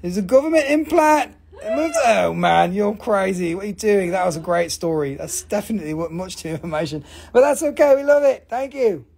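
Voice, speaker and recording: Gravelly, husky, joking rock seller. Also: medium pitch, brisk, few pauses. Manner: joking, profane, excitable. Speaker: live-stream rock seller. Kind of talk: casual live sales chat.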